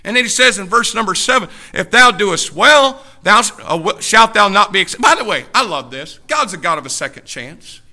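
A male pastor preaching a fiery sermon, emphatic, swinging between shouted passages and hushed ones. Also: sits high, very animated, fairly quick, hardly any pauses.

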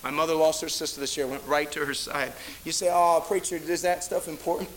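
A man's voice: fairly high pitch, level tone, a little fast, fairly bright tone, a little hiss or hum, low-quality recording. A middle-aged man preaching a sermon as a pastor, telling stories in a rambling way with many restarts. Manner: rambling anecdotal delivery with frequent restarts. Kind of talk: storytelling sermon.

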